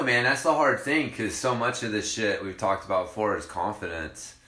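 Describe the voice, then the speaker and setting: A man with a very low, bright-edged voice chats casually on a podcast, easygoing and agreeable. The recording has a roomy echo. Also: moderate pace. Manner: laid-back, agreeable, swears casually. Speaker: podcast co-host. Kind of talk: casual chat.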